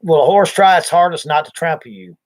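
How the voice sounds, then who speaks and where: Fairly quick and lively in intonation, his slightly high voice carries a livestream full of rambling, folksy storytelling, with the voices acted out.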